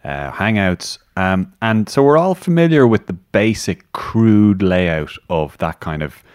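Deep-voiced Irish man hosting a podcast. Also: measured pace, clean tone, dry recording, clean studio sound. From Ireland. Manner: chatty, self-deprecating, animated asides. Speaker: podcast host. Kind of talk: conversational interview.

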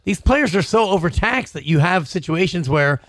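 A man's voice: high voice, expressive, normal speed, fairly bright tone, dry recording, studio quality. A middle-aged man co-hosting a podcast, making jokes and wordplay in casual sports talk. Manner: jokey, wordplay-loving. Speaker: podcast co-host.

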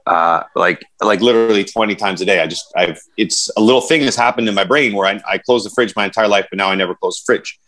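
Rambling, self-mocking low-voiced man. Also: fast, few pauses, a bit bright. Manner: rambling, self-deprecating storyteller. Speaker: podcast co-host. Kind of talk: casual chat.

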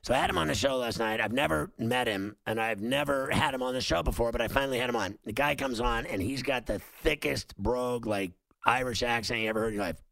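A man's voice: mid-range voice, fast talker, gravelly, hardly any pauses, a bit bright, poor audio. A middle-aged man, a talk show host telling a long story in a casual, rambling way with many fillers and restarts.

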